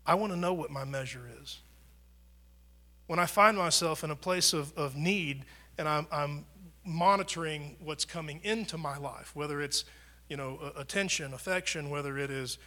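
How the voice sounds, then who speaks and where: A male pastor preaching a sermon in a church, conversational, swelling louder and dropping soft for emphasis. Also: on the high side, normal speed. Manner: conversational preaching, rises and drops in volume for emphasis.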